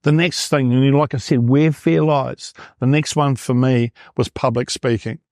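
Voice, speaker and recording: A man's voice: medium pitch, steady tone, unhurried, a little mellow, no echo, studio quality. A New Zealand man in his fifties, a performance coach telling his story in an interview and acting out his past thoughts. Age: 50s.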